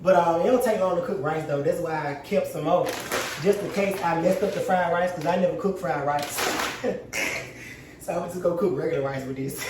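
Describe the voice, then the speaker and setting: A man's voice: on the high side, normal speed, noisy background. A man cooking at home and talking straight to his viewers in a loose, profane, joking way while stressed. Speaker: cooking vlogger. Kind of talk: casual cooking chat. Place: home kitchen. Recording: echoey room, mic at a distance.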